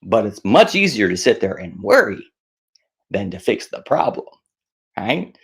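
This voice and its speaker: Unhurried and gravelly, a middle-aged man speaks to camera with casual advice on stress. He's animated, makes fun of himself, and voices worried thoughts in a higher pitch.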